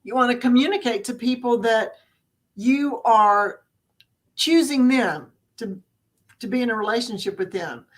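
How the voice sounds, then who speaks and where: An older woman with a Southern American accent, chatting as a guest on a video-call podcast in a folksy, expressive way. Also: fairly high pitch, measured pace. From Southern United States. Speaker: guest, author and speaker. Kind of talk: casual podcast chat.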